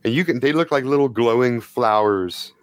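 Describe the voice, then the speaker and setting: A man's voice: medium pitch, moderate pace, no echo, clean studio sound. A man narrating as game master of a tabletop role-play game, in a casual, profane, descriptive way.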